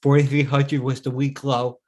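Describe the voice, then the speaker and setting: Delivering in a flat, somewhat dark mid-range voice at a moderate pace, a middle-aged trading host runs his live stream. Slightly weary, he meanders through his thoughts aloud, often interrupting himself.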